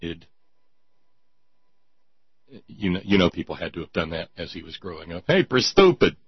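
Talk show host, male, low husky voice, dry sarcastic delivery, dull lo-fi recording. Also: little pitch movement, moderate pace, no room sound. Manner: mocking, reads listener messages aloud. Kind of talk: casual sardonic commentary. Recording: dull lo-fi sound.

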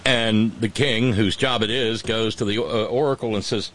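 A man's voice: fairly low pitch, a little fast, few pauses. Irreverent man retelling myths. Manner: animated, irreverent retelling with acted voices. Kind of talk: casual chat, storytelling.

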